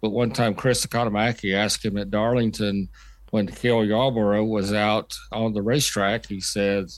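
An older man, a veteran motorsport journalist, telling stories in a casual podcast chat at an unhurried pace with many fillers. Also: on the low side, flat delivery, no room sound.

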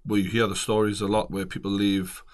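A man with a Geordie accent and a somewhat low voice chats as a podcast host. He talks in a relaxed way, with some hesitation. He leans into the conversation. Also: a little fast. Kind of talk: casual chat.

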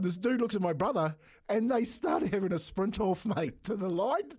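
A man's voice: sits high, very animated, unhurried, darkish tone, husky. A middle-aged man with a New Zealand accent, co-hosting a radio show and telling stories casually, laughing often. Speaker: radio co-host. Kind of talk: casual storytelling.

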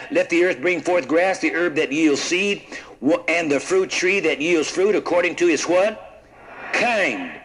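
High-voiced preacher calling and responding. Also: male voice, fairly bright tone, poor audio. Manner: call-and-response, prompting the congregation with "what?"; repeats words and restarts often. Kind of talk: sermon.

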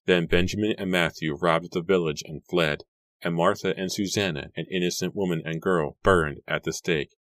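A man's voice: low-pitched, fairly even intonation, normal speed, a bit bright, no room sound. A man reading aloud and voicing an earnest young man, speaking with grave intensity. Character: earnest young man seeking to end a feud.

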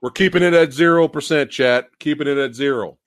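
A man hosting a casual film podcast, ranting profanely and laughing loudly as he talks. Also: on the high side, brisk. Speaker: host.

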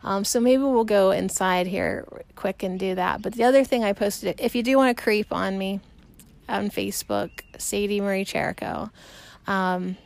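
Woman podcast host, casual solo chat, gravelly fry, rambling and chatty. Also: medium pitch, moderate pace. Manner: rambling, laughs often, chatty. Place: outdoors on a porch.

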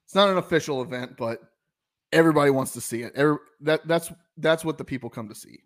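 A man's voice: fairly high pitch, quick pace. Southern man telling a sports story. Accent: Southern American. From American South. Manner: rambling, many restarts, animated storytelling. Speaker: podcast co-host. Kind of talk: casual sports chat.

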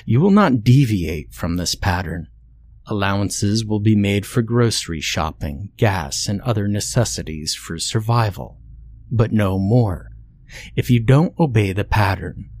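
A man voicing a cold, controlling faceless entity, speaking in slow, flat commands in a scripted horror narration. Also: on the low side, no echo, studio quality. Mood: cold commanding.

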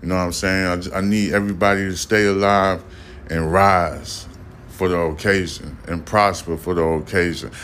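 A man's voice: low voice, fairly even intonation, normal speed, fairly bright tone, a little hiss or hum. A man hosting a solo commentary podcast, talking in a blunt, emphatic, casual way and swearing often. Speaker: podcast host.

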